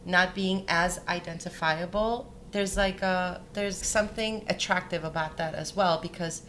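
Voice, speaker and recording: Chatty lower-voiced woman designer. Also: fairly even intonation, a little slow, fairly bright tone, a little hiss or hum. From Denmark. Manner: chatty, tells anecdotes with quoted dialogue. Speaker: jewelry designer and co-founder. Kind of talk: conversational interview.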